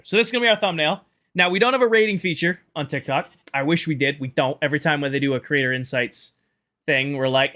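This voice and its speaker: Tired male game streamer, bright higher voice, sarcastic banter with chat. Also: lively intonation, a little fast. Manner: chatty, sarcastic, addresses chat directly. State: tired at end of long stream. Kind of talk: casual livestream chat.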